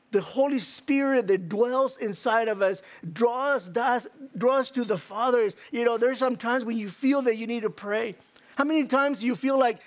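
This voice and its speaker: Preacher, male, very high-pitched, earnest sermon delivery with halting restarts. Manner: earnest, with many restarts and acted-out quotes.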